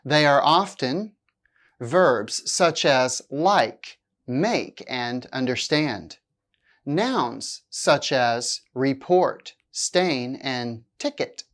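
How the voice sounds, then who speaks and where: A woman teaching English, reading a scripted lesson slowly and deliberately, with exaggerated stress on key words. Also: very deep voice, lively intonation.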